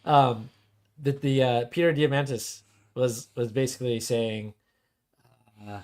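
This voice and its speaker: A man's voice: medium pitch, a little slow, pauses often, darkish tone. A man co-hosting a podcast in casual chat, making blunt, sarcastic remarks. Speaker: podcast co-host.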